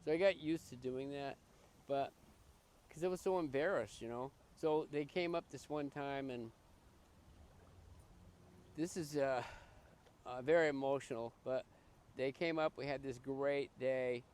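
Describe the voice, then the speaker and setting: An older man from Massachusetts, a podcast guest, tells his life story in an earnest, halting way, often restarting and repeating words. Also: medium pitch, darkish tone, smooth. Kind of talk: personal life story in conversation.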